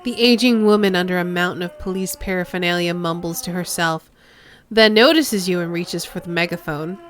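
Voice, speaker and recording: A woman streamer reading a video game's text aloud in a lively way, with casual remarks of her own. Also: fairly low pitch, fairly quick, slight background noise.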